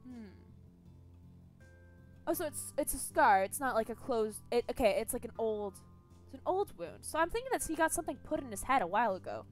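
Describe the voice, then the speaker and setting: A young woman streaming a story game, chatting casually, swearing freely and thinking out loud. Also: fairly high pitch, big pitch swings, a little fast, soft background music. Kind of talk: casual gameplay commentary.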